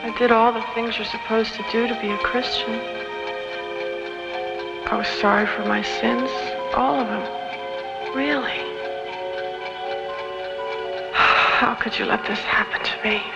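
A woman's voice: a little high, steady tone, measured pace, gravelly, highs cut off. An actress playing a young woman in a hospital, questioning and bitter. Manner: pleading, then bitter. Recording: loud music bed under dialogue.

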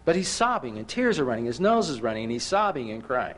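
Animated male preacher telling stories. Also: mid-range voice, fast. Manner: animated storyteller, frequent restarts, emphatic rises. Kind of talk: sermon with personal storytelling.

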